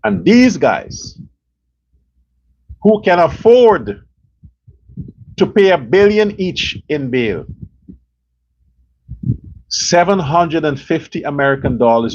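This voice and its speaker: A man with a slightly high, animated and somewhat mellow voice hosts a political commentary show, ranting angrily at a slow pace with long pauses. He's full of profanity, scorn and rhetorical questions, and the lo-fi recording sounds dull with faint noise.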